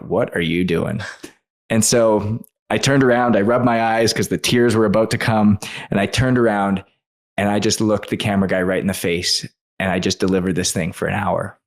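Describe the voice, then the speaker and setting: A man's voice: lowish voice, steady tone, brisk. A man, a guest author on a podcast interview, telling a personal story in an earnest and emotional way.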